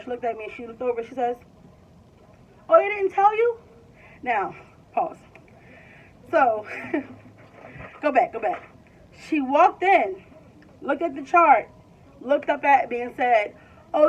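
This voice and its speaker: A woman's voice: on the high side, moderate pace, long pauses, breathy edge. A woman in her twenties casually telling a personal story, full of "like" and rambling restarts. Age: 20s. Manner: chatty, fills with "like", rambling restarts. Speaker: vlogger. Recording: slightly distant, dull lo-fi sound.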